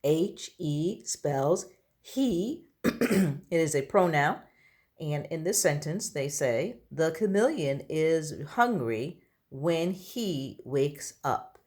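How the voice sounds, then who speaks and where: A woman's voice: low-pitched, lively intonation, slow, a little mellow. A woman teaching an online phonics lesson to young children, sounding out letters patiently and praising correct answers. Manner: encouraging, checks in with children.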